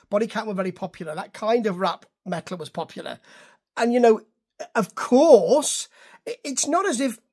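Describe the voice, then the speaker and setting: A man's voice: sits high, slightly rough. A man reviewing music to camera in a chatty, digressive way, correcting himself as he goes. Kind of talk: casual rambling review to camera.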